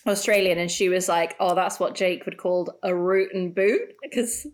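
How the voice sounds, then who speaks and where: A woman's voice: lowish voice, little pitch movement, normal speed. A young woman co-hosting a podcast, chatting casually and laughing often. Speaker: podcast co-host. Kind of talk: casual chat.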